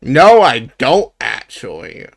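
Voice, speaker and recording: A man's voice: mid-range voice, huge pitch swings, takes it slowly, vocal fry, fairly bright tone, no echo, clean studio sound. A young man streaming live, chatting casually, laughing a lot and brushing off his friend's teasing. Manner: laughs often, denies teasing with "bruh".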